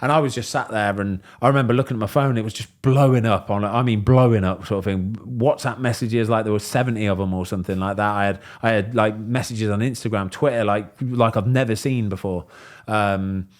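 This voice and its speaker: A man, hosting a podcast and chatting casually, telling stories in a lively way and acting out what people said. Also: lowish voice, a little fast. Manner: animated storyteller, voices quoted people. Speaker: podcast host. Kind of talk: casual chat.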